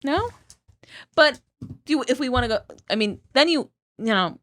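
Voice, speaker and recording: A woman's voice: fairly high pitch, expressive, normal speed, pauses often, fairly bright tone, no room sound, studio quality. A young woman co-hosting a comedy podcast, teasing and laughing as she talks, swearing casually. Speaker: podcast co-host.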